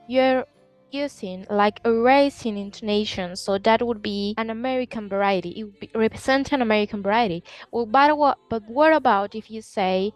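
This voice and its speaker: A woman teaching an online English lesson, explaining carefully and slowly modelling pronunciations. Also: a little high, no room sound, faint music behind.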